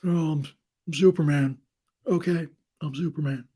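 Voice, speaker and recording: A man's voice: on the high side, fairly even intonation, normal speed, dark tone, breathy edge, voice pushed up. A man doing a stammering movie-star hero impression. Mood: goofy.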